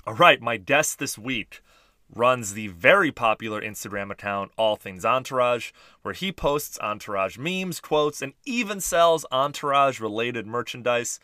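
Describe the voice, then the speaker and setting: A man hosting a podcast, reading sponsor notes and chatting with a guest in an upbeat way, quick to laugh. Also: mid-range voice, expressive, pushed and bright, dry recording, clean studio sound. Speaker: podcast host. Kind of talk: casual podcast chat.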